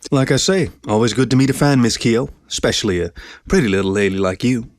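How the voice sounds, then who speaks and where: A man's voice: medium pitch, fast talker, no echo, studio quality, lightly acted. A man voicing a cocky, laid-back male dog who talks in a lazy drawl. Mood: teasing.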